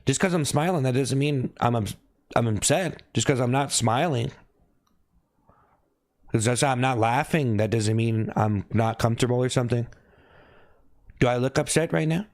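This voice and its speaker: A man talking casually on a live stream, thanking viewers by name and asking if he looks upset, with sudden high whoops. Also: moderate pace, pauses often, a little mellow. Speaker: livestreamer.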